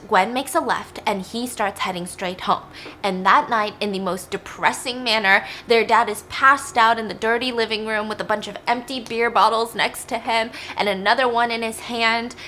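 A woman's voice: a little high, sharp tone, slight background noise. A young woman hosting a vlog, telling a true crime story in a chatty, emphatic way with wry asides.

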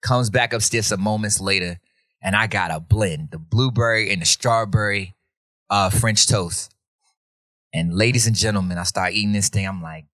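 Guy hosting a podcast, bright voice, dry close mic, super animated storytelling. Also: on the low side, moderate pace, no room sound. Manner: animated, slangy, acts out quoted voices. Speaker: podcast host. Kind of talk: casual storytelling chat.

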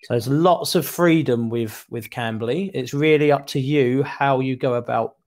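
A man's voice: medium pitch, moderate pace, darkish tone. A man working as an online English tutor, explaining things in a friendly way with frequent restarts, heard over a video call. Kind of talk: casual tutoring chat.

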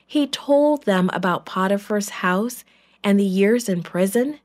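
A woman telling a Bible story to children in church, slow and expressive. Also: medium pitch.

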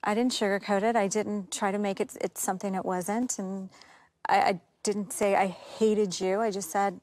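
A woman's voice: mid-range voice, steady tone, normal speed, a little mellow. A woman on a reality reunion, telling her side bluntly and matter-of-factly. Her voice sits in the middle range. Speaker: reality show cast member. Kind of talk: explaining herself at a reunion.

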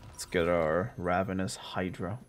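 A man's voice: low-pitched, fairly even intonation, a little slow. A young man chatting casually over his gameplay, joking and rambling as he plays. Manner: joking, rambling, self-mocking. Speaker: gaming streamer.

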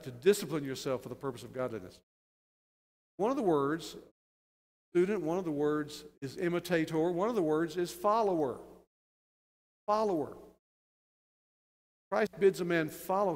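A man preaching a sermon as pastor, building to loud, emphatic, stressed phrases. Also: fairly high pitch. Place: church sanctuary. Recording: long church reverb.

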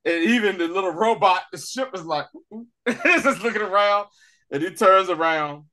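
A man with a bright, ringing voice chats through a show recap. His tone sits a bit high. He keeps slipping into quick impressions of the scenes as he talks. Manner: animated, acts out scenes in quick voices, laughs often. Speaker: podcast co-host. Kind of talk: casual recap chat.

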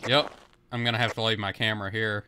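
A man's voice: on the low side, flat delivery, quick pace, sharp tone, a little hiss or hum. A man hosting a casual let's play, teasing his co-player with dry, grumpy humor. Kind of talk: casual gaming chat.

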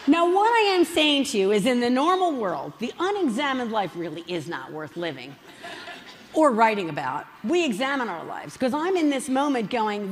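A middle-aged woman telling funny family stories as an author on a festival stage, chatty and animated. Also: fairly high pitch, normal speed, big-room sound. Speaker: author speaking at a book festival. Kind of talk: humorous storytelling talk. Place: large festival hall.

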